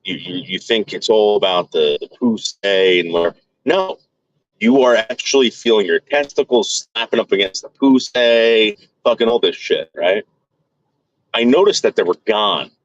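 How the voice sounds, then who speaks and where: A man's voice: on the low side, moderate pace, no echo, dull audio. A man vlogging to his viewers in a crude, rambling casual monologue full of fillers and restarts.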